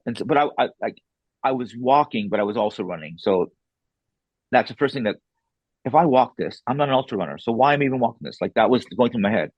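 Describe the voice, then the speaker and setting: A man's voice: medium pitch, fast talker, slightly rough, no echo, lo-fi sound. A man talking as an author and podcast guest, telling a story casually, acting out what people said, with blunt, salty wording. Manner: animated, re-enacts dialogue, blunt and salty.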